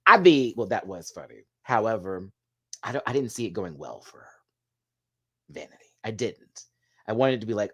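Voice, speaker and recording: A man's voice: on the low side, very animated, moderate pace, husky. A man hosting a casual show recap, chatty and gossipy, laughing often as he talks. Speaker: host.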